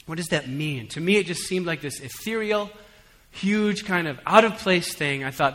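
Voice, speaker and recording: A man preaching a sermon in a church hall, conversational with humorous asides, swinging between soft reflection and emphatic calls to the congregation. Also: on the high side, animated, moderate pace, few pauses. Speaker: pastor. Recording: long hall reverb.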